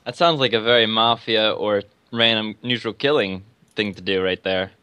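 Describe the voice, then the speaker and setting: A man's voice: fairly low pitch, moderate pace, sharp tone, clear, resonant tone, dry recording. A man playing an online game with friends, teasing the others and laughing often. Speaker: guest player. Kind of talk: casual gaming chat.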